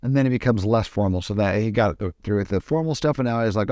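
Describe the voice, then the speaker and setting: A man explaining film production in a casual, screen-recorded tutorial, often pausing and restarting his sentences. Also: on the low side, darkish tone, dry recording, clean studio sound. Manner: hesitant, with frequent restarts.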